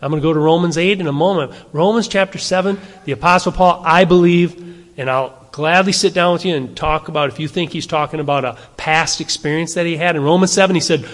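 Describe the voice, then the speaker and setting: A man's voice: fairly high pitch, fairly quick, a bit bright, in a large hall. A man preaching a sermon, speaking conversationally and asking his listeners rhetorical questions. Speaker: pastor.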